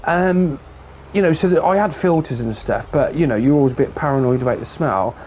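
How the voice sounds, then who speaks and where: A man's voice: on the high side, a little fast, darkish tone, slight background noise. A man streaming a farming game, chatting casually and telling stories with a lot of swearing and acted-out dialogue. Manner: chatty storyteller, swears freely, acts out dialogue. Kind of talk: casual chat while gaming.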